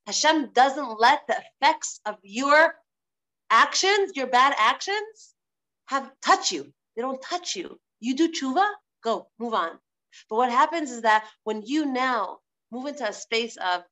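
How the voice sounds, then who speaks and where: A woman's voice: sits high, expressive, a little slow, pushed and bright. A woman teaching a live online religious class, stressing points by repeating phrases, over a video call.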